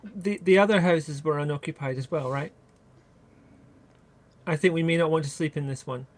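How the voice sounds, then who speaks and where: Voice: medium pitch, normal speed. A tabletop player describing their character's actions in a cautious, earnest way.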